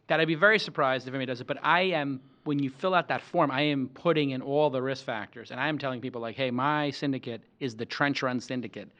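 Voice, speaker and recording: A man hosting an interview show, chatting in an animated, playful, joking way. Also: mid-range voice, quick pace, hardly any pauses, muffled recording. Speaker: podcast host. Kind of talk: casual interview talk.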